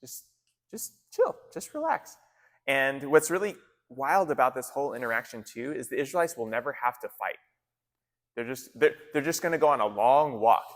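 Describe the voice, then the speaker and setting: A man's voice: medium pitch, brisk, long reverb tail. Casual, conversational male pastor. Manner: conversational, casual slang, frequent restarts. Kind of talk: sermon. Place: church gathering in an arts center.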